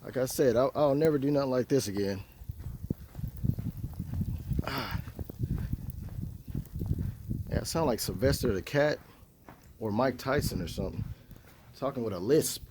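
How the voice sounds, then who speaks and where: A man's voice: mid-range voice, moderate pace, pauses often, noisy background. A man, chatting to viewers in a self-mocking way while fishing by a river in a snow storm. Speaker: fishing vlogger. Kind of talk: casual outdoor vlog talk.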